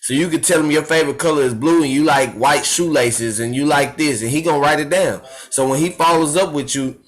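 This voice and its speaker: A man leading a team training session over a video call, his voice sitting a little high. He talks casually and praises a colleague through anecdotes. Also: fairly quick. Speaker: team leader hosting the training.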